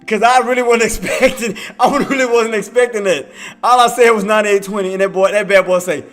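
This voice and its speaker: A man's voice: high voice, steady tone, fairly quick, a bit bright, faint music behind. A man streaming live trading commentary, playful and laughing often, repeating himself as he hypes the action. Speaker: day trader streamer.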